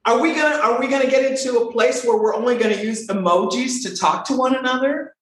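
A woman voice coach talking in a lively conversational way, with expressive, swooping emphasis. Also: a little high, fast talker, slight background noise. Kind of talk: animated conversational talk. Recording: very echoey room.

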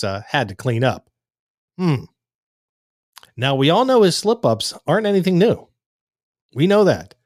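A man's voice: mid-range voice, no echo, studio quality. A man hosting a political commentary livestream, chatting casually and reading out viewer comments in a folksy, rambling way. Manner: folksy, chatty, with frequent fillers and asides.

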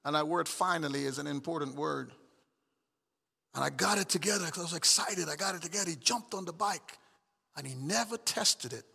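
A middle-aged pastor preaching a sermon, swinging from shouted emphatic calls to soft, chuckling storytelling. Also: male voice, a little high, animated, fairly quick, gravelly, slightly rough, in a large hall.

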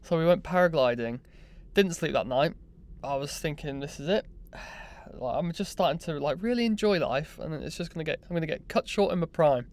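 A young man telling a personal story in a casual, animated, self-mocking way. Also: fairly high pitch, fairly quick. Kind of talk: casual anecdote monologue.

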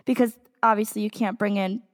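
A young woman co-hosting a casual fan podcast, excitable and quick to swear, with dramatic groans. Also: medium pitch, big-room sound. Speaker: podcast co-host.

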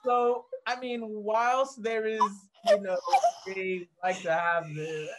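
A man telling a story as a guest in a casual chat, rambling and animated, often laughing as he talks. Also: high-pitched, slow, heavy background noise.

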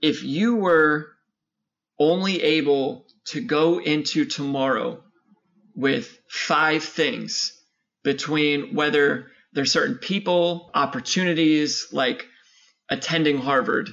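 A man's voice: a little high, slow pace, creaky, a bit bright. A man co-hosting a casual podcast chat, talking in a laid-back, rambling, slangy way. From San Diego area. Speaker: podcast co-host. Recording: muffled lo-fi audio.

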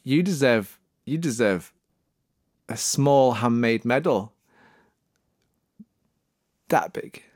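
A man's voice: medium pitch, animated, takes it slowly, pauses often, darkish tone, no room sound, clean studio sound. A man hosting a podcast in a comic, rambling monologue, playful and sarcastic in a mock-earnest way. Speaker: podcast host promoting an agency.

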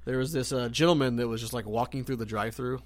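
Joking podcast co-host, dry sound. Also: male voice, medium pitch, fast, no room sound. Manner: joking, laughs often, drawling slang. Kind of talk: casual chat.

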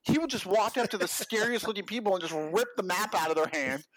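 A man's voice: high voice, quick pace, a bit bright, no room sound. A young man telling work stories in a casual podcast chat, laughing often and swearing freely. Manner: profane, laughing, slangy storyteller. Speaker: podcast guest.

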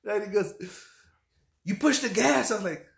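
A man, a fishing guide on a podcast, telling stories in a casual, lively way and acting out what people said. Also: high voice, moderate pace, gravelly, roomy sound, a little hiss or hum. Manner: animated storyteller, acts out quotes, laughs often. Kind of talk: casual storytelling chat.

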